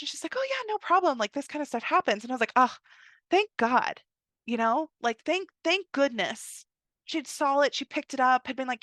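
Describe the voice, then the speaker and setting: A young woman hosting a podcast, telling a personal travel story in a chatty way, full of "like" and quick acted-out asides. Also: a little high, no echo, studio quality. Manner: chatty, heavy use of "like", animated quoted asides. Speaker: podcast host. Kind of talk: casual storytelling monologue.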